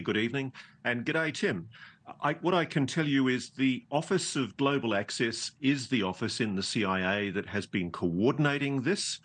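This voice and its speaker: A journalist, speaking in a measured, assured way as a news interview guest. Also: male voice, on the low side, a bit bright.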